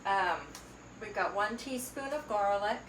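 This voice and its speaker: A woman's voice: medium pitch, measured pace, a little hiss or hum. Chatty Southern woman cooking at the stove. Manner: chatty, homey, talks while stirring and cooking. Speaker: cooking channel host. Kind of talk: casual cooking demonstration. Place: borrowed home kitchen, indoors. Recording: echoey kitchen, distant mic, sizzling pan. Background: frying and sizzling from the stove.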